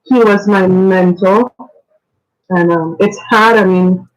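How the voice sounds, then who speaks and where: Woman, radio guest: earnest, reflective, faith-filled, mid-pitched. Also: steady tone, slow, low-quality recording. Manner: earnest, reflective, sometimes laughing; faith-filled, preacher-like phrasing. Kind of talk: spoken radio tribute.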